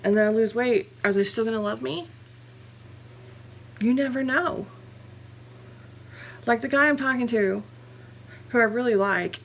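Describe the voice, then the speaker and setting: A young woman speaks candidly into her camera in a personal vlog. Her voice sits at a middle pitch, and she rambles and corrects herself. Faint background noise sits under the recording. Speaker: vlogger.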